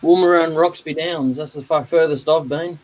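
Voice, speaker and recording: A man's voice: a little high, fairly even intonation, normal speed, poor audio. A man hosting a live stream, chatting casually in a jokey way and laughing often. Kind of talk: casual chat.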